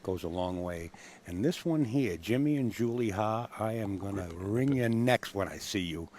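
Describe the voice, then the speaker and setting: A man's voice: fairly low pitch, animated, normal speed, a little mellow, slight background noise. A man hosting a pool stream, friendly and teasing as he thanks donors. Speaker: stream host. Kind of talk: reading out donations.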